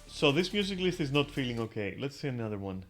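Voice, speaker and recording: A man's voice: mid-range voice, big pitch swings, fast. A man giving casual gameplay commentary, chatty and swearing offhand, breaking into laughter often. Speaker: gamer. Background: faint game music.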